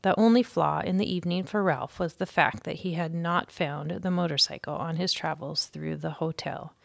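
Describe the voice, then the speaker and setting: A woman's voice: sits low, moderate pace, gravelly, no room sound, clean studio sound. A woman teacher reading a children's chapter book aloud, giving the characters voices. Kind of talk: storybook read-aloud.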